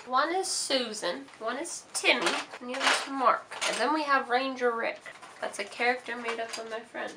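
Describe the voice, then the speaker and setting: A woman's voice: on the high side, moderate pace, very noisy. A young woman co-hosting a casual chat, giggly and playful. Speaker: co-host.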